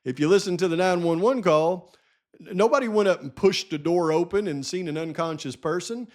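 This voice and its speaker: A man's voice: sits high, a little fast. Sarcastic, exasperated man. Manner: sarcastic, rhetorical questions, exasperated. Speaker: channel host. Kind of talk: true crime commentary vlog.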